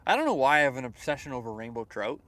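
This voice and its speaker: A man's voice: mid-range voice, racing, no echo. A young Canadian man with a Canadian accent, live-streaming a fishing trip outdoors, chatting casually and answering viewers' messages with lots of fillers. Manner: reads chat messages aloud and answers them, relaxed and chatty with frequent fillers. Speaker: fishing livestreamer. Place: outdoors by the water at sunrise.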